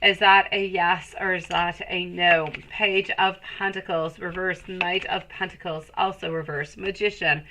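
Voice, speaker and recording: A woman's voice: fairly low pitch, flat delivery, unhurried, few pauses, background noise. A woman giving a live-stream tarot reading, chatty and affectionate, calling viewers sweetie. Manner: chatty, rambling with restarts. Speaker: tarot reader.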